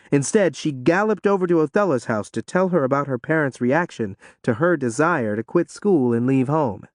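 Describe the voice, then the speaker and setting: A man with a medium-pitched voice performs an audiobook with expressive, story-driven delivery, captured at studio quality without any room sound.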